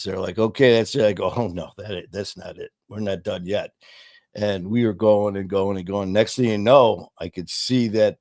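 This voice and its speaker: A man's voice: on the low side, darkish tone, dry recording, clean studio sound. A middle-aged man hosting a live stream, telling stories in rambling, casual talk full of fillers. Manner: rambling storyteller, frequent "uh" and "you know". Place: home studio. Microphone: studio mic.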